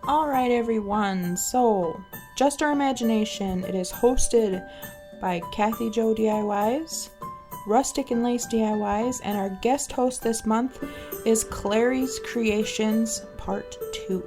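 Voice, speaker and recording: Unhurried woman crafter over guitar music. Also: a little high. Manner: chatty, with many fillers. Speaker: craft channel host. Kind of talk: casual craft tutorial.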